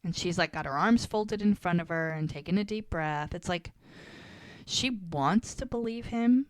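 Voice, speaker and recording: A woman's voice: lowish voice, moderate pace, no echo, studio quality. A woman co-hosting a casual podcast, retelling a TV scene and acting out each character's lines as she goes. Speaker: podcast co-host. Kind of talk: casual recap chat.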